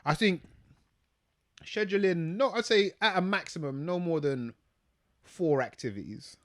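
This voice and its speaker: A man's voice: high-pitched, measured pace, a bit bright. Easygoing man chatting. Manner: easygoing, hesitant restarts, laughs along. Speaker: podcast co-host. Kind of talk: casual chat.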